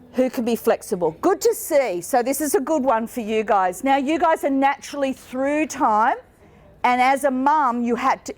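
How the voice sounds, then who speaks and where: A middle-aged woman giving a live business seminar to an audience with slides, lively and playful, slipping into mock voices for the people she describes. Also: a little high. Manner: lively, playful, mimics people in quoted asides. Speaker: business coach and speaker. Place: conference room with an audience.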